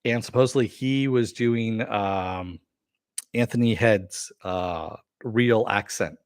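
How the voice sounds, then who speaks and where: A middle-aged man hosting a live-stream review, chatting casually and answering viewer comments with many fillers and pauses. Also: on the low side, no room sound, clean studio sound. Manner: rambling, with frequent fillers and throat clearing.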